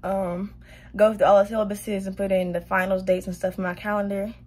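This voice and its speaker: Still winded from a long walk, a young adult woman chats to the camera in a casual vlog, laughing a lot and dropping plenty of "y'all"s. She speaks at medium pitch in a level tone, a little fast, with a slightly mellow, breathy edge.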